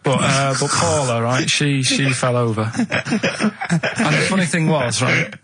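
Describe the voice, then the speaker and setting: Man, Mancunian accent, deadpan, rambling story, radio chat. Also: medium pitch, slow pace, husky. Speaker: radio regular. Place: radio studio.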